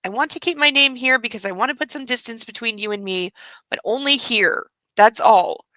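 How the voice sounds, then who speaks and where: Young wife pleading for her job, read out by a woman, earnest, plain, bright voice. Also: fairly high pitch, brisk, no room sound, poor audio.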